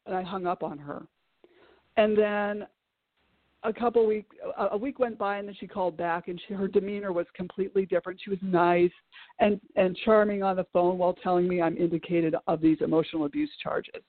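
A woman's voice: mid-range voice, moderate pace, no echo. Middle-aged woman on a tinny call. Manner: animated, many fillers and restarts. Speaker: author guest. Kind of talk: emotional personal storytelling. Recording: tinny call-like audio, dry.

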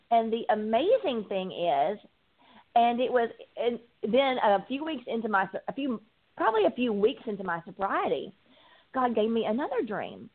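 A woman guest and addiction recovery coach, giving an earnest, heartfelt personal testimony in an interview, with frequent ums. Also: a little high. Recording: tinny phone-line sound.

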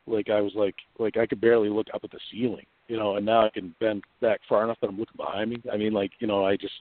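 A man's voice: on the low side, little pitch movement, fast, no room sound. A man rambling through a casual story over the phone, full of restarts and laughs. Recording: tinny dry phone line.

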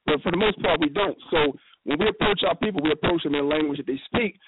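Fast-talking man on a noisy phone line. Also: fairly high pitch. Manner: fast, animated storytelling with quoted dialogue. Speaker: guest speaker. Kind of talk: casual radio discussion.

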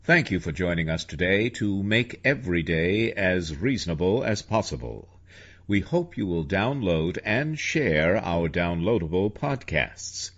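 A man's voice: deep voice, lively intonation, measured pace, fairly bright tone, muffled recording. A man hosting a talk radio show, reading a scripted political commentary in an impassioned, rhetorical way, building long lists.

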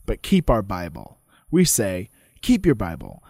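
A man's voice: lowish voice, wildly swooping pitch, gravelly, mellow, slightly rough, dry recording, studio quality, voice pushed down, exaggerated voice. A man reading as a fiery courtroom orator. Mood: impassioned. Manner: measured, dramatic oratory. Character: impassioned male courtroom orator.

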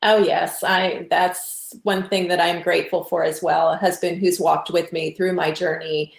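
A woman with a soft Texan accent hosts a relaxed interview, giggling often and pausing on fillers. She sounds like she is speaking in a roomy space, so her voice rings a little. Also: fairly low pitch, creaky. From Texas. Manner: warm and giggly, with some hesitant fillers. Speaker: interview host. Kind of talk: casual interview chat. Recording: echoey room.

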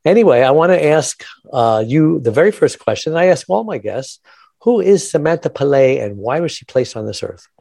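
A man's voice: fairly high pitch, sing-song, moderate pace, gravelly, mellow, dry recording. A man hosting a caregiving podcast in an upbeat radio style, chatty and enthusiastic, laughing often. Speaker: podcast host. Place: Los Angeles.

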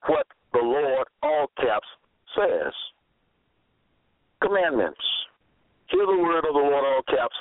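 Man preaching, very slow, deliberate, repetitive, phone-line sound, dry. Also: medium pitch, lively intonation, no echo. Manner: deliberate, spells words out, repeats phrases for emphasis. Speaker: religious preacher. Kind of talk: slow scripture-quoting sermon monologue.

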